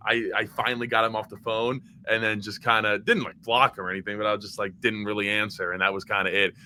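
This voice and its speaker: Speaking quickly in a fairly low, level voice, this young Maryland man sounds bright and forceful. He's a podcast guest who once played college football, and his casual talk wanders with plenty of fillers and restarts. A faint hiss or hum runs underneath.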